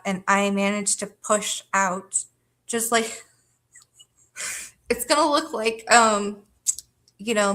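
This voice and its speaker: A woman's voice: mid-range voice, sharp tone. A woman hosting a livestream, telling a rambling personal story to her chat in casual, profane talk with lots of fillers and frequent laughter. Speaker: livestream host.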